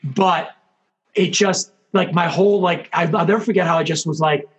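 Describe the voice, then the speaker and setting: A man telling his story as an interview guest, animated, acting out what people said, with lots of fillers. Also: on the high side, moderate pace, breathy edge, muffled recording. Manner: animated storyteller, acts out quotes, many fillers. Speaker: guest, hockey coach and former player.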